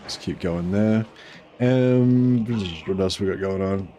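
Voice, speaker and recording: A man giving casual let's-play commentary, relaxed and rambling with frequent ums. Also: low voice, slow pace, muffled recording, faint music behind. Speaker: gameplay commentator.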